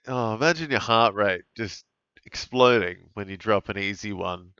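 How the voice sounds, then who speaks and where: A man casually commenting on a live football game for his stream, chatty and relaxed, with sudden bursts of excitement at big plays. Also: lowish voice, moderate pace, clear, resonant tone, dry recording, dull audio. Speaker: fantasy football streamer calling a live watch-along.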